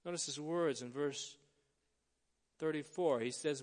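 Casting: male pastor, 30s, high tenor, earnest sermon delivery with long hall reverb. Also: unhurried, long pauses. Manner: earnest preaching, rising to emphatic stresses then dropping soft. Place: church sanctuary.

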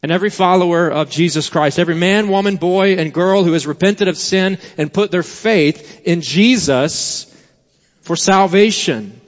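A pastor preaching a sermon, emphatic and repetitive, then dropping to a quiet storytelling tone. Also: male voice, high-pitched, animated, slow. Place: church sanctuary. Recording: long church reverb, dull sound.

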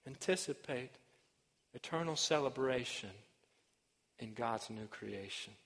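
A man preaching a sermon as pastor, earnest, repeating each point and swinging between emphatic and hushed delivery. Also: medium pitch, big-room sound. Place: church sanctuary.

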